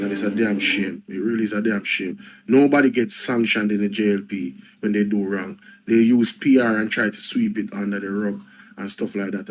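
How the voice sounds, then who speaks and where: A man's voice: fairly low pitch, poor audio. Angry man ranting commentary. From Jamaica. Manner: angry, repetitive, emphatic ranting. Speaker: host. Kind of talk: commentary reacting to news clips.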